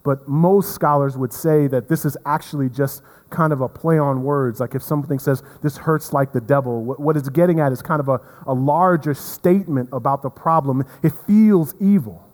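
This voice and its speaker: Guy preaching a sermon in a church, kinda high voice, earnest and repetitive, big echoey hall sound. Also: moderate pace, hardly any pauses. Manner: earnest, repeats words, swings from emphatic to hushed. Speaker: pastor. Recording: long reverb of a hall.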